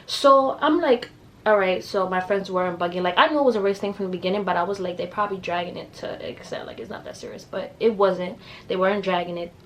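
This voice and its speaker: A young woman telling a story to camera in a casual, profane, animated way. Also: medium pitch, fast, a little hiss or hum. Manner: animated, profane, acts out quotes in raised voices. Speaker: vlogger.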